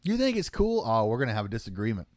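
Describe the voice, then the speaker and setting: A man co-hosting a casual tabletop-gaming chat, joking and telling stories with quick impressions. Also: medium pitch, huge pitch swings, darkish tone, dry recording. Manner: joking, tells anecdotes, does quick impressions. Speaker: podcast co-host.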